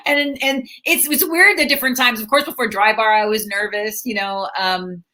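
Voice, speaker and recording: A middle-aged woman comedian telling stories in a casual interview, animated and full of repeats and restarts. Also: a little high, normal speed. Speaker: stand-up comedian guest.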